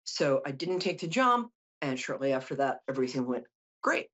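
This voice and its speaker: A woman's voice: rumbling low, sing-song, normal speed, a bit bright, highs cut off. A middle-aged woman hosting a call-in psychic show, reading tarot cards in a chatty, joking way with lots of asides. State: tired from no sleep. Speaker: psychic host.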